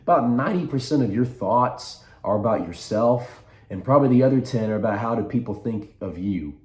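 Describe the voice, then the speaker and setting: A young man in his twenties speaks straight to his camera in a loose, reflective way. He trails off and restarts his sentences as he thinks aloud. His voice sits at an ordinary middle pitch and echoes around the room. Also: animated, fairly quick, a little mellow. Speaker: vlogger. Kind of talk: rambling casual vlog to camera.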